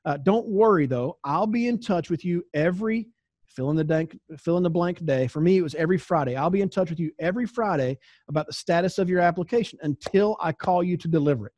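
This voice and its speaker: A man with a Southern accent trains insurance agents in a relaxed, conversational way. His voice sits a little high, and he slips into acted-out exchanges with clients. The recording is dry and close. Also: quick pace, dry recording. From American South. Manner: conversational, acts out client dialogues. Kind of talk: sales training talk.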